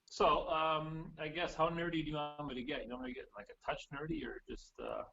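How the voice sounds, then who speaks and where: A man co-hosting a casual talk segment, easygoing and quick to laugh. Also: a little high, big pitch swings, gravelly, bright, forceful tone. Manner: easygoing, laughs often, loose and conversational. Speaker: co-host of studio segment. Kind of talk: casual chat. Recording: dull lo-fi line with faint noise.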